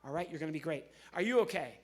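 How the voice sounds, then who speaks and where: A man's voice: a little high, animated. A man from New Jersey, a ventriloquist and comedian, cheerfully coaching volunteers on a church stage. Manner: upbeat, coaxing, gives quick instructions to volunteers. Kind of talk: live comedy stage show. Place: church stage before an audience.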